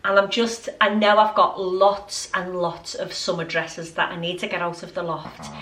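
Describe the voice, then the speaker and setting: A woman's voice: fairly low pitch, level tone, moderate pace, fairly bright tone. Woman, lifestyle vlogger, casual and effusive, acts out dialogue; recorded off-mic in a roomy space. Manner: gushing, chatty storyteller acting out dialogue. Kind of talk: casual chatty vlog. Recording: roomy sound, mic at a distance.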